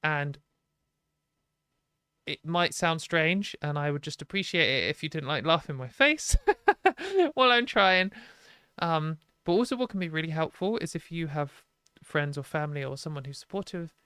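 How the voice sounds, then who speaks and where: A woman's voice: low-pitched, moderate pace, a bit bright, clear, resonant tone, dry recording. A British woman hosting a live stream, giving rambling, self-deprecating advice in a casual, chatty way full of fillers. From Britain.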